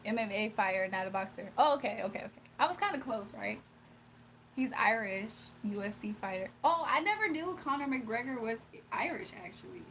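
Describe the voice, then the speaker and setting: A woman's voice: on the high side, animated, fairly quick, fairly bright tone, slight background noise. A young woman chatting casually on a livestream, reading chat aloud, laughing often and teasing her viewers. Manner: playful, teasing.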